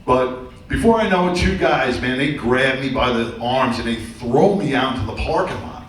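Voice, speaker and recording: On a theater stage before a live crowd, a middle-aged comic works through a stand-up routine of loose, rambling stories and crude punchlines. He speaks with a medium pitch, animated delivery and moderate pace. It's recorded with a very echoey, distant room sound and faint noise.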